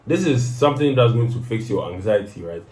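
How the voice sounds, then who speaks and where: A man's voice: on the low side, expressive, brisk, darkish tone, roomy sound, rough recording. A young man hosting his own show, giving casual motivational advice and often tagging "right?" onto his sentences. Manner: conversational, peppers sentences with "right?". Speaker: host of a personal advice show.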